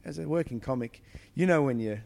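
Gravelly-voiced male comedian chatting. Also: medium pitch, fairly quick, a little hiss or hum. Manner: animated storytelling with frequent restarts. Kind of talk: casual chat.

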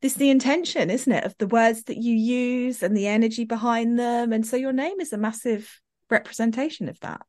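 A British woman hosts a casual online interview. She is effusive and jokey, reacting with enthusiasm. Her voice sits a little high. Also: brisk. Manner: effusive and warmly joking. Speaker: podcast host.

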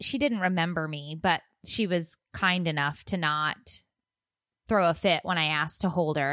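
A woman in her thirties, co-hosting a casual chat show, telling stories with lively quoted voices. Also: on the low side, no echo, clean studio sound. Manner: animated storyteller, acts out quoted voices. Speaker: podcast co-host.

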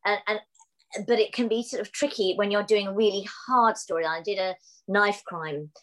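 Lively woman telling animated anecdotes. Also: mid-range voice, normal speed, rough recording. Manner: animated storyteller, acts out voices in anecdotes. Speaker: actress guest. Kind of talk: casual interview chat.

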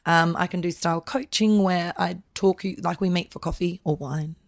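A woman guest talking about her styling work in a relaxed, playful casual chat. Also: on the low side, moderate pace, no room sound, clean studio sound.

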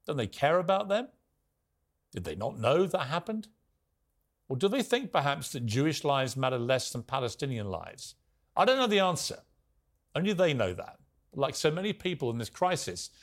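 A British man hosts a studio talk show in a forceful, indignant manner. He speaks in pointed rhetorical questions and firm declarations, then presses his guest with challenges. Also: mid-range voice. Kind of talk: opinionated monologue and interview.

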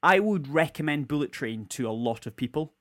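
A man's voice: a little high, expressive, fairly quick. A man co-hosting a casual film chat, rambling and correcting himself as he goes. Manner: rambling, self-correcting, chatty. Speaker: podcast co-host. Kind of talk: casual chat about films.

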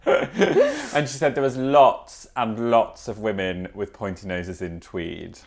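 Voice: medium pitch, takes it slowly, gravelly. A podcast co-host, telling a family story in casual chat and acting out the voices of the people in it. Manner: animated storyteller, acts out quoted voices.

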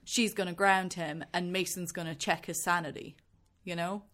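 A woman's voice: fairly low pitch, normal speed. A woman chatting casually about a show, animatedly acting out characters' lines. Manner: animated, acts out quotes in raised voices.

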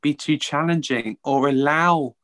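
A man, an early educator, giving an earnest, halting interview answer with frequent restarts. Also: on the high side, fairly bright tone, dry recording.

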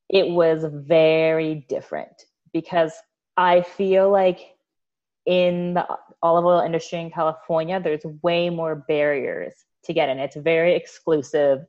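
An American woman telling stories as a podcast guest, animated and quick to laugh. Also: low-pitched, lo-fi sound. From United States. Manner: animated storyteller, laughs often. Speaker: guest, olive oil producer. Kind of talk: casual interview storytelling.

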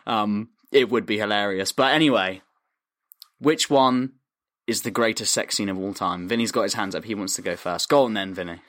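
A man's voice: fairly low pitch, moderate pace, a bit bright, no echo, studio quality. A man co-hosting a podcast, talking in loose, rambling casual chat. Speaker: podcast co-host.

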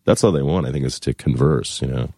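A man's voice: a bass voice, fast talker, mellow, no room sound, clean studio sound. A man guest talking casually on a podcast, rambling and joking, often acting out other people's voices. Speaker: musician guest.

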